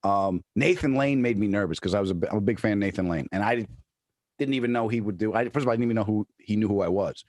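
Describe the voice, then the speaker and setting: Low-voiced comic telling stories. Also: male voice, fast talker, a little mellow, no room sound, studio quality. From New York. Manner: storytelling, restarts often, acts out quoted voices. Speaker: comedian guest. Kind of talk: casual interview chat.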